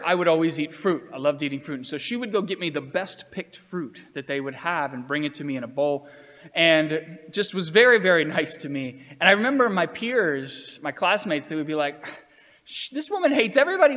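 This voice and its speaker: A man's voice: fairly high pitch, lively intonation, pushed and bright. Earnest male storyteller in a reverberant hall. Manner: earnest, measured storytelling with acted quotes. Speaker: speaker telling personal stories. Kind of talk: storytelling talk.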